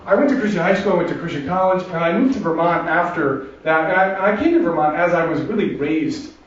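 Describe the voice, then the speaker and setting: A man's voice: a little high, expressive. Man telling comic stories on a stage. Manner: self-deprecating, chatty, with restarts and quick asides. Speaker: comedian performing a solo show. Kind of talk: stand-up storytelling. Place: theater stage before a laughing audience. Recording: distant, roomy, dull live recording.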